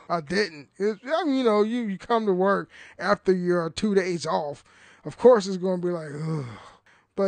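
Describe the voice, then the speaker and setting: Rambling, profane young man, high voice. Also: no room sound. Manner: rambling, profane, laughs often, restarts sentences. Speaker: podcast host. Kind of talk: casual solo podcast rant.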